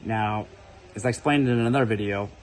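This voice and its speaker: A man's voice: fairly low pitch, fairly quick, a little hiss or hum, low-quality recording. A man casually telling a personal spiritual story to camera, talking conversationally and often checking in with "right?". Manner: conversational, keeps asking "right?". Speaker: spiritual video creator.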